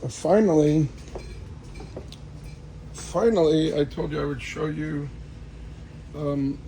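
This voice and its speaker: A man's voice: a little high, slow, creaky, pauses often, dark tone, slight background noise, rough recording. A man casually giving a rambling, joking tour of his cluttered space, talking straight to a friend.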